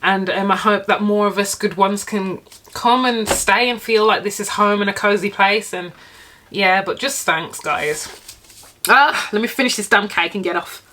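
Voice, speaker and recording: A woman's voice: medium pitch, moderate pace, sharp tone, slight background noise. A young British woman living in Japan, chatting casually and emphatically to her viewers while eating, with frequent laughs and swearing. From Britain. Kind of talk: casual sit-down chat to camera while eating.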